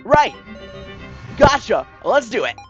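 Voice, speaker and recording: A streamer voicing a hot-headed young man who shouts his lines in a raised voice. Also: mid-range voice, big pitch swings, brisk, soft background music, pitched above the performer's own voice, natural voice. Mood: fired up. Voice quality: loud, shouty. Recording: dull lo-fi recording.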